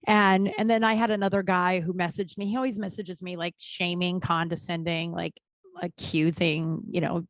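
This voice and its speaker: A woman's voice: lowish voice, steady tone, moderate pace, no room sound. A woman hosting her own podcast in a casual solo monologue, blunt and swearing freely, rambling with many restarts, recorded in a small closet at home. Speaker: podcast host.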